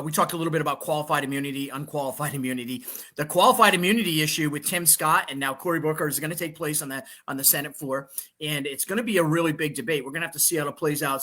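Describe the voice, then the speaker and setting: Fired-up guy hosting a talk show, stammers and repeats himself, sharp bright tone. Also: fairly high pitch. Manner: emphatic, repeats phrases, stammers restarts. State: fired up on coffee.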